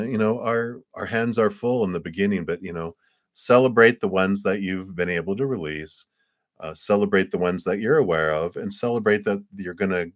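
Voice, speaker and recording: A man giving live tarot readings in a gentle, rambling way with playful asides. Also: fairly low pitch, no echo, clean studio sound. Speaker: tarot reader.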